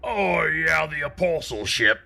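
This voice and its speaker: A man voicing a small, excitable male creature who talks in short, eager bursts. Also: fairly high pitch, measured pace, vocal fry, very noisy, voice pushed up.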